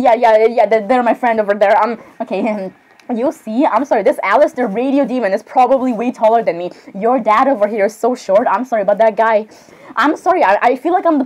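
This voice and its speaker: A woman's voice: on the high side, a little mellow. A young woman chatting in character as a cosplayer, rambling and apologizing often between giggles. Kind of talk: in-character cosplay role-play chat.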